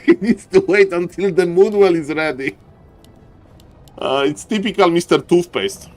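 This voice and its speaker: A high-voiced man calls a strategy game live with playful, excitable commentary. He jokes about the players and laughs often. Faint music sits low in the background. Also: a little slow. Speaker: game caster.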